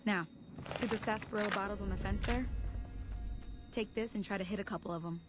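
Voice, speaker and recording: A woman's voice: medium pitch, quick pace, loud music behind the voice, natural voice. A young woman voicing a friendly frontier guide in video game dialogue, with homespun country turns of phrase. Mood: easygoing. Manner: folksy, homespun country talk.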